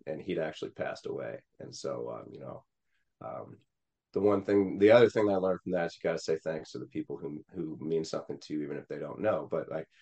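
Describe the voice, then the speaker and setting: Low-voiced missouri guy telling a story, earnest, lots of "uh"s and restarts. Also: gravelly, a little mellow. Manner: earnest, many fillers and restarts. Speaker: political candidate, guest. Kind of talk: personal storytelling in an interview.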